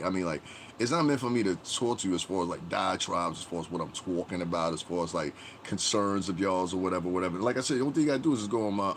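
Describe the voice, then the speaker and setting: A man with a low, deep voice hosts a casual livestream, talking straight to his chat. His delivery is blunt and profane, and it rambles through restarts and trailing "whatever"s. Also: a little hiss or hum.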